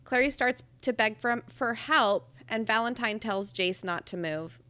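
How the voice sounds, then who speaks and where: A woman's voice: on the high side, a little slow, pushed and bright, no echo. A woman hosting a casual chat, reading passages aloud and laughing often between her comments. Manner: giggly, reads excerpts between asides. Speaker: podcast host recapping a book.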